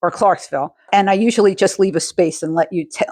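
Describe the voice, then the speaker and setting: Female podcast co-host, mid pitch, laid-back conversational delivery, dry room. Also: a little mellow, no echo. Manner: laid-back, laughs often, halting restarts. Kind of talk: casual chat recapping a TV episode.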